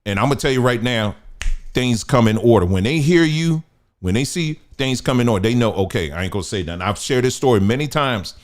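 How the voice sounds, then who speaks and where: A man's voice: mid-range voice, expressive, a little fast. A man hosting a podcast, giving emphatic, preachy advice in a casual monologue. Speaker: podcast host.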